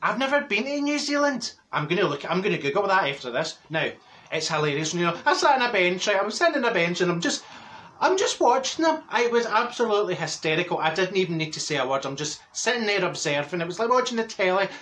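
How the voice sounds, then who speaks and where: A man's voice: high-pitched, sing-song, fast, fairly bright tone, a little hiss or hum. A man playing a cheeky, blunt older woman from Glasgow with a Glaswegian accent, rambling through a gossipy comic monologue and laughing at his own jokes.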